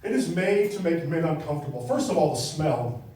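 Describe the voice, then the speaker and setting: A man's voice: on the high side, lively intonation, fairly quick, warm tone. A man doing a stand-up comedy set in a small club, chatty and teasing the crowd. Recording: echoey club from far off.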